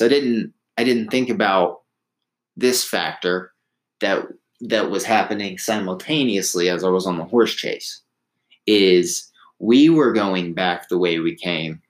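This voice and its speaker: Low-voiced man rambling through a story. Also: poor audio. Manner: rambling, restarts, laughs at himself, acts out quotes. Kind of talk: casual storytelling.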